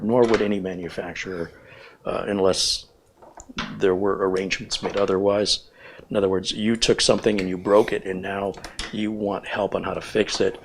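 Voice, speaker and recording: A man's voice: deep voice, little pitch movement, moderate pace, background noise. A man hosting a hands-on computer build tutorial, explaining each step plainly and giving firm opinions. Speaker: computer technician host.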